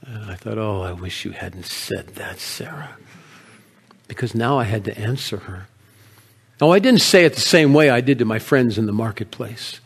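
An actor playing a grieving, proud male shepherd of ancient Bethlehem in a first-person monologue, telling his story with feeling and often dropping to hushed tones. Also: lowish voice, animated, normal speed, vocal fry, husky, full character voice. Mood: earnest.

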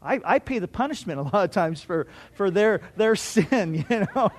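High-voiced man preaching a sermon. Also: expressive, moderate pace. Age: middle-aged. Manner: earnest storytelling with restarts and strong swings in loudness. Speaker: pastor.

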